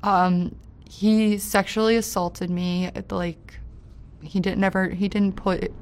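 A woman recounting a personal story in an interview, halting and hesitant with many fillers, her voice dropping quiet on painful parts and rising with anger. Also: medium pitch, little pitch movement, slight background noise. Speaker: interview guest.

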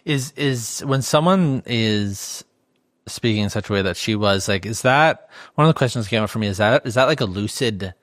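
Low-voiced male podcast host. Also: a bit bright, dry recording, clean studio sound. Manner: halting, searching phrasing with fillers. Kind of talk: interview questions.

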